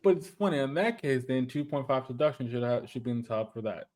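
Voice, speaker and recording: A man's voice: medium pitch, fast talker, darkish tone. A man co-hosting a casual anime podcast, talking emphatically and repeating himself as he argues his points. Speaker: podcast co-host.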